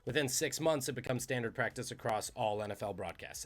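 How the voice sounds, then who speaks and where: A man hosting a podcast, telling trivia stories in a casual, animated, conversational way. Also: medium pitch, fairly quick, few pauses. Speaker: podcast host.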